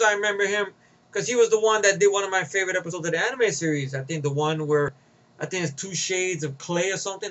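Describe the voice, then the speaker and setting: Bright-voiced, high-pitched ranting man. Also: a little hiss or hum, poor audio. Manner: profane, rambling, sarcastic. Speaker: movie reviewer. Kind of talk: casual rant review.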